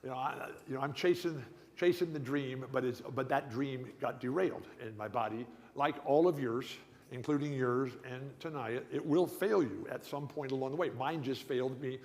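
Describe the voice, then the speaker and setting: An older man giving an animated after-dinner speech as guest speaker, telling stories and often restarting or repeating words. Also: mid-range voice, normal speed. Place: banquet hall. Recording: reverberant hall.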